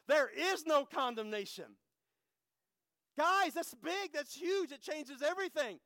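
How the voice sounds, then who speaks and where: High-voiced man preaching. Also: smooth, no room sound. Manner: emotional, swings from hushed to loud, repeats phrases. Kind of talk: sermon testimony.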